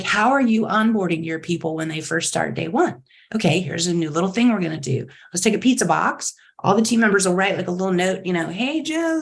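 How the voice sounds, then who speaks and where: A middle-aged woman, a company chief executive, telling stories in an interview with lively enthusiasm and acting out the voices of others. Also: on the low side, gravelly. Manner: enthusiastic, acts out quotes in bright voices. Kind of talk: animated interview storytelling.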